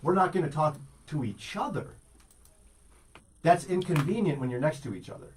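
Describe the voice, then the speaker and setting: A man's voice: fairly high pitch, expressive, normal speed, slight background noise. A man hosting a casual morning show, teasing his co-host and telling stories. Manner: teasing, storytelling.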